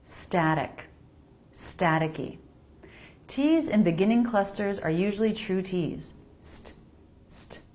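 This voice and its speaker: An American woman teaching English pronunciation, slowly repeating each word for the listener to copy. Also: medium pitch, darkish tone. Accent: General American. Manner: slow, precise, repeats words for practice. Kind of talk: pronunciation lesson voice-over.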